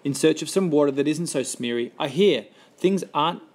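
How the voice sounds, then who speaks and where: A man's voice: fairly high pitch, moderate pace, close to an everyday voice. A man voicing a small, grumpy male forest guardian who scolds indignantly in a storybook reading. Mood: scolding.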